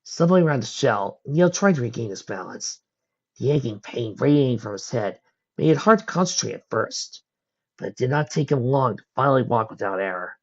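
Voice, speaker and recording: A man's voice: mid-range voice, lively intonation, a little fast. A man reading fan fiction aloud in a plain manner, with some slips. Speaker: audiobook reader. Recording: dull lo-fi recording.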